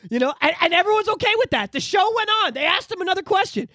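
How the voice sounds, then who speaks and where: High-voiced ranting man. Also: quick pace, no echo, clean studio sound. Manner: ranting, swearing, animated. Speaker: podcast host. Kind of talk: casual podcast chat.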